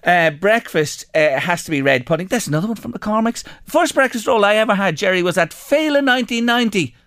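An Irish man hosts a radio phone-in from a dry, close-miked studio. His voice sits a touch high and swings up and down as he chats. He sounds curious and eager. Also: a little fast, dry recording. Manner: animated, chatty, curious. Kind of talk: lively radio chat, reading listener texts.

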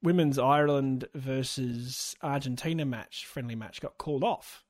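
Easygoing podcast co-host. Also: male voice, medium pitch, normal speed, no room sound, studio quality. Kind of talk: casual sports chat.

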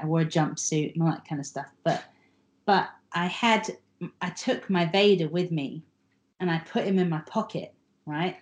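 A woman guest on a podcast, telling stories animatedly, acting out quotes and swearing casually. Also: on the low side. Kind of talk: casual storytelling.

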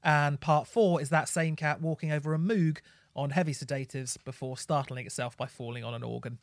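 A man co-hosting a casual music review chat, blunt, sweary and mocking, breaking into excited rants. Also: on the high side, fairly quick, dry recording, clean studio sound. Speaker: podcast co-host.

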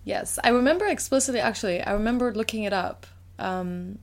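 Relaxed woman podcast co-host. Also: medium pitch, a little fast. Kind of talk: casual chat.

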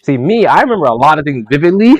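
A man's voice: on the high side, fast talker. A man co-hosting a casual podcast, mostly giving short reactions and then talking about his own move. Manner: short reactions, relaxed listener. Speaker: podcast co-host. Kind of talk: casual chat.

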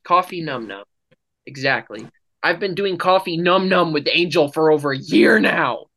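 A man's voice: fairly high pitch, normal speed, sharp tone. A man co-hosting a casual podcast, joking and teasing in playful banter with his girlfriend. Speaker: podcast co-host. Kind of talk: casual couple chat.

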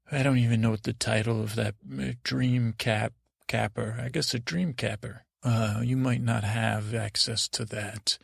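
A man improvises a bedtime story as host of a podcast, and he wanders and loops back as he goes. His voice is gravelly and mid-pitched. The sound is close and dry. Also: dry recording. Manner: rambling, meandering.

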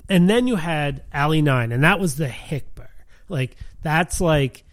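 A man's voice: on the high side, animated, measured pace, no room sound. Rambling man telling a story. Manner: rambling, lots of "like", laughs while telling. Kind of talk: casual chat.

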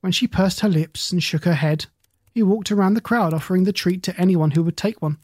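A narrator reading a children's fantasy story aloud in an even, steady storytelling manner. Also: medium pitch, fairly quick, dry recording.

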